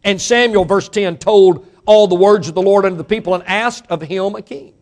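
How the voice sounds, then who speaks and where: A man delivers a sermon in a notably high voice. He preaches emphatically and keeps turning to address the congregation directly. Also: moderate pace, darkish tone. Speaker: pastor.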